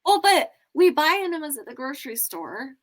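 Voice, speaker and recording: A woman's voice: sits high, very animated, a little fast. A woman co-hosting a podcast, joking and reacting in casual chat. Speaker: podcast co-host.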